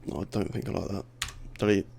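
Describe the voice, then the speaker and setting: Gravelly-voiced guy with a lisp. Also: sits low, steady tone, quick pace, a little mellow, slight background noise. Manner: mumbling, self-deprecating, thinking aloud. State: tired, worn voice. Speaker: tutorial host. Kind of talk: casual screen-recorded software tutorial. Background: keyboard clicks and typing.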